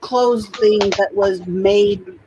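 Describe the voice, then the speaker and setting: A woman's voice: mid-range voice, steady tone, very slow, mellow, dull audio, slight background noise. A woman in casual chat, talking firmly and plainly as a strict mom. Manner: firm, plain-spoken mom.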